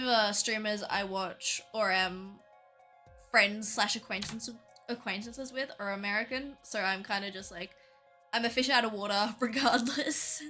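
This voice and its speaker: A young woman with a strong Australian accent chatting casually on a livestream, peppering her talk with "like" and quick laughs. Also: medium pitch, sharp tone. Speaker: streamer.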